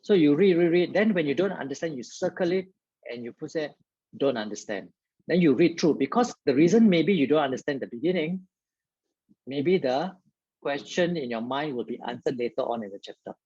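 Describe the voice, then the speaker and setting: Husky-voiced male tutor, lo-fi recording. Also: a little high, lively intonation, brisk, a little mellow, no room sound. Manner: talks straight to viewers, peppered with "okay". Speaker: biology tutor. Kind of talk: live online study-skills lesson.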